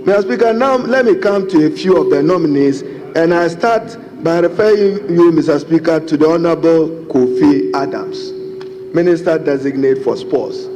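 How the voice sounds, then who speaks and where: A man's voice: a little high, normal speed, crowd noise. A man with a Ghanaian English accent, a member of parliament giving a formal speech and repeatedly addressing the Speaker in a parliament chamber. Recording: reverberant chamber with faint noise.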